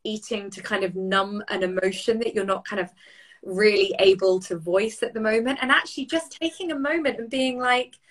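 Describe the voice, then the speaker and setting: A female coach and co-host chats casually on a podcast, full of fillers and playful asides, voicing her inner thoughts in a teasing way. Her voice is medium-pitched at a moderate pace, and the recording is rough.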